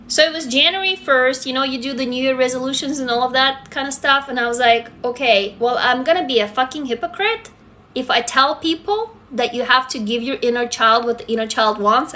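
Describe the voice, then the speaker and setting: A woman in her forties hosts a casual livestream, her slight foreign accent mostly worn away. Her voice sits a little high and sounds bright and forceful. She talks frankly, swears freely and turns aside often to answer viewers. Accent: foreign, mostly faded. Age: 40s. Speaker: livestream host.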